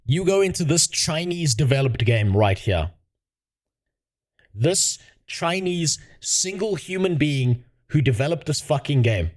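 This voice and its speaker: A man's voice: a little high, animated, unhurried. A man chatting casually on a livestream, profane and rambling, talking to his viewers. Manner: profane, rambling, laughs often. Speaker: streamer.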